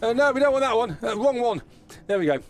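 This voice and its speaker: A man's voice: extremely high pitch, big pitch swings, fast, soft background music. A man narrating as game master in a tabletop game, rambling and correcting himself as he goes. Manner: rambling, self-correcting narration with frequent restarts.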